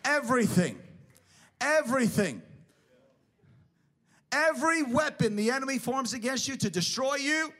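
A man's voice: very high-pitched, bright, forceful tone. A man preaching a sermon, emphatic, building his points through repeated parallel phrases.

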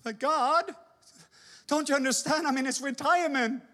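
A man voicing an anxious, stammering Moses who protests in a high, hurried voice. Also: pushed and bright, long reverb tail. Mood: protesting. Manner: high, fast, flustered protesting.

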